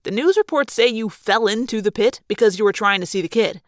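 A woman voicing a teenage boy who leads his group, speaking in a serious, measured way in an audiobook. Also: medium pitch, no room sound, clean studio sound, lightly acted. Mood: reassuring. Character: teenage boy, quiet team leader. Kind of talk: audiobook character reading.

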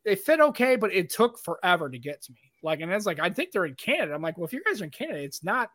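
A man's voice: high voice, big pitch swings, fast, a bit bright, dry recording. A male podcast host in casual chat, rambling and chatty, swearing freely.

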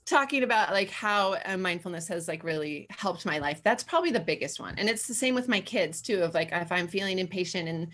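A woman's voice: mid-range voice, brisk, fairly bright tone. A woman in her thirties or forties, a guest in a casual conversation, talking candidly in a chatty way with frequent fillers.

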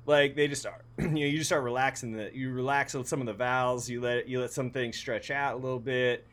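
A man chatting casually as a podcast co-host, talkative and quick to laugh, with lots of filler words. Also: mid-range voice, fairly even intonation, fairly bright tone. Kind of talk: casual chat about music. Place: lives in North Carolina.

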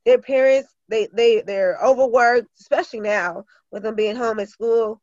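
A woman's voice: fairly high pitch, moderate pace, darkish tone, dry recording, dull audio. A woman teacher and author talking earnestly in an interview, with many fillers and restarts. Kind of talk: casual interview talk.

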